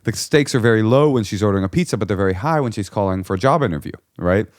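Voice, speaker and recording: A man's voice: fairly low pitch, rapid-fire, no room sound, studio quality. A man in casual conversation telling a long story and acting out the people in it. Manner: animated storyteller, acts out voices. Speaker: guest comedian.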